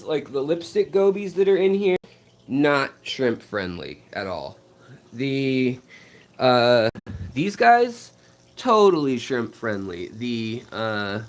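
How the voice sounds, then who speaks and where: A man hosting a casual home vlog, showing his aquariums indoors, talking in a relaxed, rambling way with lots of fillers and restarts, keen on his fish. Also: medium pitch. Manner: enthusiastic about the fish. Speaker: fishkeeping channel host. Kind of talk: casual vlog tank tour.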